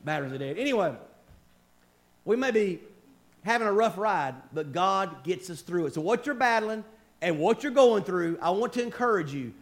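Folksy preacher, fairly high voice. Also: male voice, animated, normal speed. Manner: folksy, swings from quiet asides to raised exhortation. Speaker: pastor. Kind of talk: conversational sermon. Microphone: wireless microphone.

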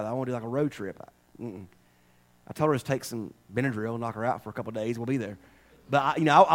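A man preaching a conversational sermon into a wireless microphone, folksy, dropping to quiet asides and rising to fervent exhortation. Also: medium pitch. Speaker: pastor.

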